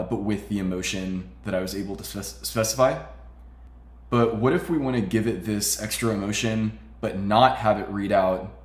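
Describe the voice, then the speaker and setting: A man hosting a casual tech tutorial, explaining steps in a relaxed way with frequent fillers. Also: on the low side, reverberant. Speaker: tutorial host.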